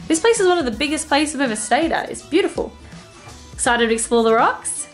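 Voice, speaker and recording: A young woman vlogging her travels in a bubbly, excitable, gushing way. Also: high-pitched, brisk. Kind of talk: casual vlog narration. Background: background music.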